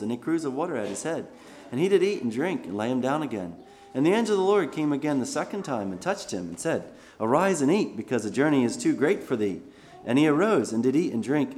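A man of ordinary pitch preaching a sermon, reading long scripture passages aloud and then stepping back to talk them over in plain, conversational words. A faint noise sits under the recording. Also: a little mellow. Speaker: pastor.

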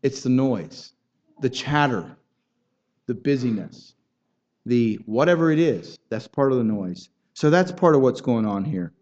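A man's voice: mid-range voice, animated, measured pace, darkish tone. Earnest preacher man, dull lo-fi sound. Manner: earnest, building in intensity with rhetorical questions; repeats words and restarts phrases. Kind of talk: sermon.

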